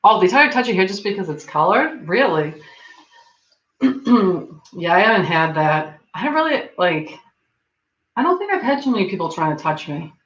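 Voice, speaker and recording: A woman's voice: mid-range voice, very animated, normal speed, pauses often, fairly bright tone. Rambling woman in an echoey room. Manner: rambling, many "like" fillers, laughs often. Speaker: livestream host. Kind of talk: casual chat. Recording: dull lo-fi sound in an echoey room.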